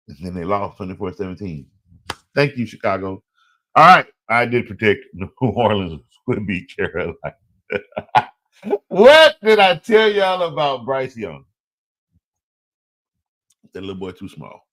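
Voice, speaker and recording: A man hosting a fantasy football show, talking casually and excitedly, laughing often and trash-talking teams in slangy speech. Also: fairly low pitch. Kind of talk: casual solo sports commentary.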